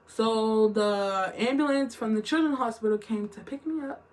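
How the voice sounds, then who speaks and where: A woman's voice: a little high, unhurried. A young woman telling a long, emotional story in a rambling vlog style, full of fillers and restarts. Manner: rambling, emotional retelling with lots of "like" and "literally". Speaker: vlogger.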